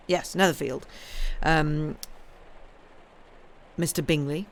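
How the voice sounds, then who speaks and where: A woman's voice: sits low, extremely slow, a little mellow, a little hiss or hum. A woman who streams herself reading novels aloud, chatting casually and rambling, full of ums and restarts. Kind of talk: casual chat on a live stream.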